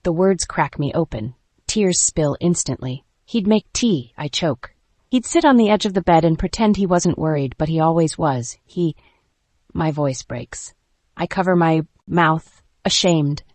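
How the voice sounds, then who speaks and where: A woman narrating a first-person romance audiobook in a hushed, intimate way, recorded close and dry. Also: low voice, lively intonation, measured pace, no room sound.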